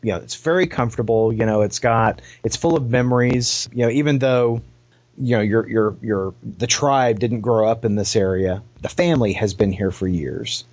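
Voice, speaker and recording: A man's voice: on the low side, normal speed, darkish tone. Rambling male game master. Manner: rambling, full of fillers. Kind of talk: narrating a tabletop game. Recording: dull lo-fi.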